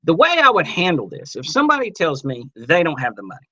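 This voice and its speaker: A man teaching a webinar on network marketing, casual and energetic, acting out little sales dialogues as he goes. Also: a little high, fast, muffled recording. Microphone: computer mic on a webinar.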